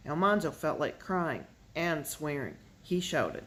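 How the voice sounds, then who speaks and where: Steady audiobook reader. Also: mid-range voice, unhurried. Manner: steady narration, lifting the voice for dialogue. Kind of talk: reading a children's novel aloud.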